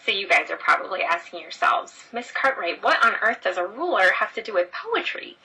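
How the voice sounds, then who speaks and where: A woman's voice: medium pitch, sing-song, brisk, sharp tone, husky, distant mic, rough recording. A woman teacher explaining a lesson step by step, talking straight to her students. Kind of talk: screen-recorded lesson.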